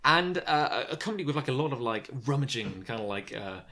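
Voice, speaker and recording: A man's voice: medium pitch, lively intonation, fast talker, fairly bright tone. A man hosting a casual podcast, telling a story with lots of fillers and frequent laughs. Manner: rambling storyteller, laughs often, many fillers. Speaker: podcast host. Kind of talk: casual chat.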